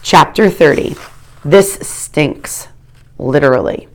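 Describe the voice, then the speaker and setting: A woman reading a first-person audiobook in a wry, expressive manner. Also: deep voice, slow. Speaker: audiobook narrator.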